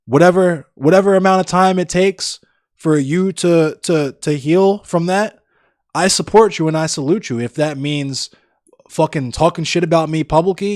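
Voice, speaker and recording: A man's voice: fairly high pitch, a little mellow, no echo, clean studio sound. A young man livestreaming, chatting casually with viewers in a blunt, profane, ranting way. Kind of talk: casual chat with live viewers.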